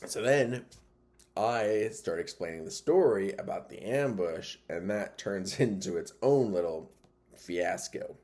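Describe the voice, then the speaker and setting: A man's voice: deep voice, vocal fry. A middle-aged man casually telling a personal story, often chuckling as he goes. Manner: chuckles often while telling, lively retelling.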